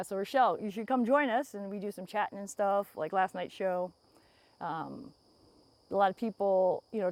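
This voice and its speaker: A woman's voice: fairly low pitch, a little mellow, dry recording. A woman from the United States hosting a rambling, casual livestream outdoors, reading viewer comments aloud and laughing often, speaking into an earbud mic. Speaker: livestream host. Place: outdoors in the woods. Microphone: phone earbud used as microphone.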